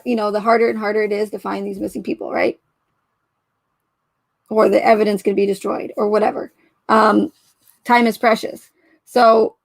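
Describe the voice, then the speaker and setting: A woman with a fairly high, creaky voice and no echo offers casual true crime commentary on a criminal case. Skeptical and full of questions, she picks the details apart, often trailing off and starting over.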